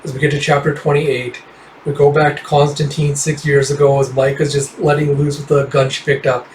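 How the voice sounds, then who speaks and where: A man's voice: on the high side, flat delivery, brisk, a little mellow, echoey room, recorded from a distance, a little hiss or hum, low-quality recording. A man casually reading through a comic book, summarizing panels in a rambling, offhand way with fillers and swearing.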